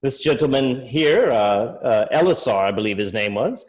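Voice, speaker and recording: A man voicing a formal, courteous tavern patron who speaks with hesitant pauses in a tabletop game. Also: mid-range voice, expressive, a little mellow, close to an everyday voice, rough recording.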